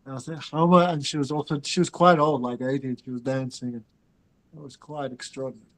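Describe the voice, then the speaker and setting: A man's voice: mid-range voice, fairly even intonation, quick pace, fairly bright tone, poor audio. A man teaching a scripture class. He chants Sanskrit and Bengali verses and then explains them, turning to his students with asides. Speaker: spiritual teacher.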